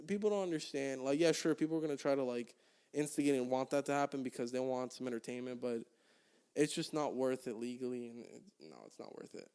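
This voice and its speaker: A man's voice: mid-range voice, a little mellow. A young man, a podcast guest, telling a long profane story in casual chat and acting out the people he quotes. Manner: profane storytelling, quoting others in raised voices.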